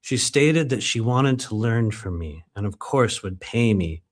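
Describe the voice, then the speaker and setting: A man's voice: fairly low pitch, expressive, unhurried. Chatty man reading his own memoir. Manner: chatty, swears, laughs often, breaks off to comment. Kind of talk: live book reading with casual asides.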